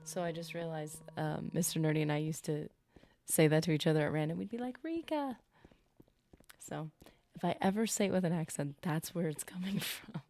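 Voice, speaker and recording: Speaking a little fast in a deep, warm voice with fairly even intonation, a woman plays a game on stream. She talks casually to her chat the whole time, drifting from subject to subject in this live-stream commentary.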